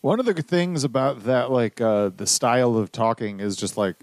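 Wry, gravelly co-host man. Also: mid-range voice, moderate pace, dry recording. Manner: wry, questioning, laughs often. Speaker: podcast co-host. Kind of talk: casual chat.

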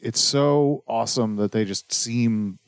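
A man's voice: mid-range voice, measured pace, creaky, clean tone, no echo. A male podcast co-host in casual chat, wry and questioning, often laughing.

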